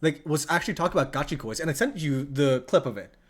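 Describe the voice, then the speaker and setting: A man's voice: a little high, expressive, quick pace. A man co-hosting a podcast in casual chat, leaning heavily on "like" and teasing his co-host. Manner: lots of "like" fillers, teasing.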